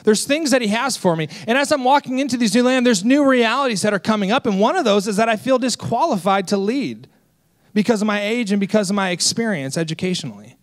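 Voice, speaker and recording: A man in his twenties, a senior associate pastor, preaching a sermon with lively self-deprecating stories. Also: high voice, quick pace. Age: 20s. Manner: energetic, storytelling with self-deprecating humor.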